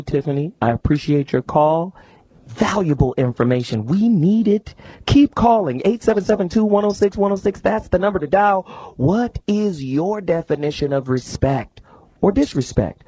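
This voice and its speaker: A middle-aged radio host speaks in a slightly high, emphatic voice, pushing the call-in number and steering the talk. The sound is dry and close, with no room around him. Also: male voice, warm tone, no room sound.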